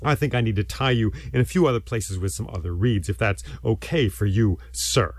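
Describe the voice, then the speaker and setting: A man voicing a clever male trickster figure who coaxes and flatters with feigned hesitation. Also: lowish voice, fairly quick, no room sound. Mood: coaxing. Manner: sly, coaxing, hesitant.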